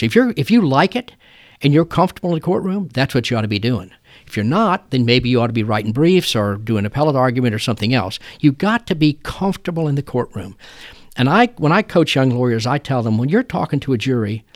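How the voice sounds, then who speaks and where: An older man, a trial lawyer telling folksy stories in an interview. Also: mid-range voice. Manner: folksy, drawling storyteller. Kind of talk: interview storytelling.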